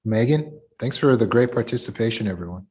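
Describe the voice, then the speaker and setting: A middle-aged man leading a support group discussion over a video call as a coach, talking through examples in an animated way. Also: medium pitch, fairly quick, slightly rough.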